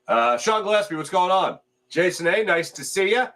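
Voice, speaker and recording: A male sports-talk host on a live morning stream, reading out viewer comments in a loose, conversational way. His voice sits a bit high and moves around a lot, rising and falling as he reacts. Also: moderate pace. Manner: animated, chatty, reads sponsor spots and viewer comments.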